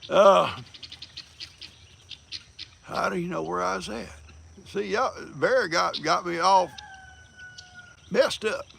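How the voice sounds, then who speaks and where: A man's voice: sits high, slow pace, gravelly, pauses often, fairly bright tone, slight background noise. An older man, hosting a casual livestream, folksy and teasing, laughing often as he greets viewers. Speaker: livestream host.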